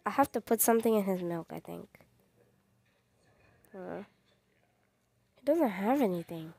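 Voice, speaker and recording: Her voice sits at medium pitch: expressive, unhurried, creaky, mellow and a bit rough, with no echo. A jumpy young gaming host, she gives excited play-by-play, talks right to her viewers, and keeps saying the same short phrases repeatedly.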